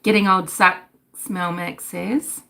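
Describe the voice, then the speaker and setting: A woman's voice: on the low side, fairly even intonation, takes it slowly, gravelly, pushed and bright. A middle-aged woman, hosting a casual livestream, talking animatedly, swearing and reading out chat comments. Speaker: livestream host.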